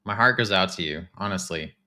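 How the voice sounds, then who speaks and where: A man, casually chatting to his live-stream viewers while touring game houses, excitable and talkative. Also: low voice, fairly quick. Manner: chatty, excitable, talks to chat.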